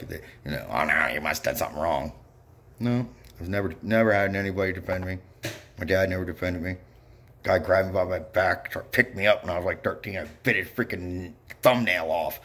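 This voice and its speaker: A low-pitched man with a fairly bright tone delivers a rambling, furious rant full of profanity and bitterness. He mutters asides frequently and keeps repeating "yep."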